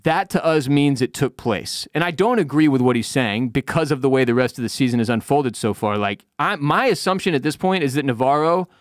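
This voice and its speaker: A man's voice: medium pitch, expressive, quick pace, few pauses, dry recording, studio quality. A man co-hosting a podcast, recapping a TV episode in loose, profane casual chat and acting out lines from the show. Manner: loose, profane, acts out quotes in voices. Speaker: podcast co-host.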